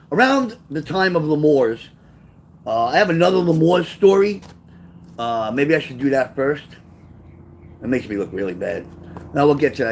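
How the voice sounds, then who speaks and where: A Brooklyn-raised man tells his memoir aloud in a loose, digressive way. He is blunt and profane, and his voice sits at an average pitch. A faint ambient hiss stays under his voice. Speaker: author telling his life story. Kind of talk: casual spoken memoir storytelling.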